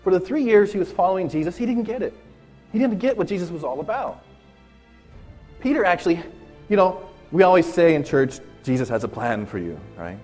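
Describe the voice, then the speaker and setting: A male preacher tells a story in a casual, chatty sermon. His voice is husky and sits fairly high, and he keeps asking the listeners "right?". Soft music plays faintly behind him. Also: lively intonation, a little fast, long pauses.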